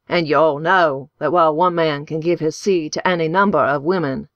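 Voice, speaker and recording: A woman voicing a fervent male preacher with a hoarse voice, speaking in a solemn, preaching cadence in an audiobook. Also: deep voice, fairly bright tone, dry recording, lo-fi sound. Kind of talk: audiobook character voice.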